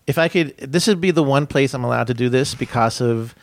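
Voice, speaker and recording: A man's voice: mid-range voice, a little fast, vocal fry. A male comedian telling long, rambling stories in casual chat, interrupting himself and laughing as he talks. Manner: rambling, self-interrupting, laughs while talking. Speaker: comedian guest.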